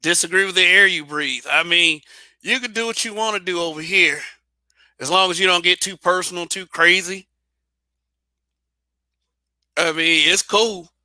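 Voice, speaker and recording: A man holds forth alone in a blunt, casual monologue, swearing freely and tripping over restarts. His voice sits a little high and rings very bright, and the recording is dry and close. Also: normal speed, no room sound. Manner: blunt, repetitive restarts, profane. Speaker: channel host.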